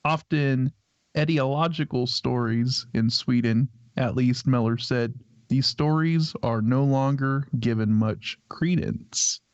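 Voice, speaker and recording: A man co-hosting a live paranormal stream, speaking in a relaxed, easygoing way. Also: medium pitch, takes it slowly, no room sound, lo-fi sound. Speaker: co-host. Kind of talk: casual live stream chat.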